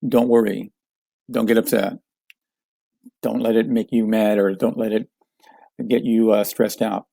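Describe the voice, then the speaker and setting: A man teaching a communication lesson, calmly explaining with example phrases. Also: on the low side, a little slow, gravelly, dry recording. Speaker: communication coach.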